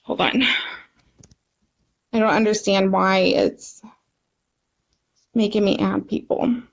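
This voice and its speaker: A woman's voice: mid-range voice, fairly even intonation, takes it slowly, gravelly, dull audio. A woman talking into her phone on a livestream, agitated and defiant, swearing as she tells her own story. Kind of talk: emotional livestream monologue.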